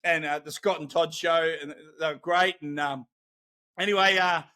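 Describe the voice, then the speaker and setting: Lively, bright Australian man. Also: fairly high pitch, moderate pace. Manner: animated, loose and profane. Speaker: podcast guest. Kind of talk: casual storytelling.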